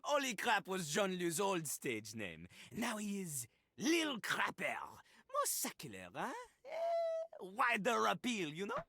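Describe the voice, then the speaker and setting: A man's voice: high-pitched, wildly swooping pitch, slow, gravelly, pushed and bright, no room sound, full character voice. An actor voicing a cocky male toilet rapper, who boasts and talks about himself in the third person. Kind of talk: video game voice acting, rapping over a beat. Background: game music.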